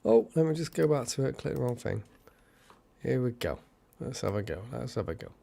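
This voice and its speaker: A man hosting a casual live stream, chatty and excitable, thanking viewers by name. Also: medium pitch, brisk, vocal fry, background noise.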